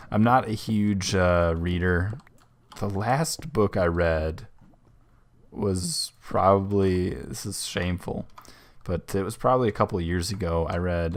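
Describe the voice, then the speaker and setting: A young man with a very low voice chats while playing a video game, answering questions as they come. He rambles and corrects himself midway through sentences in a relaxed, unhurried manner. Keyboard typing can be heard behind him. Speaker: host. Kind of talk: casual gaming commentary.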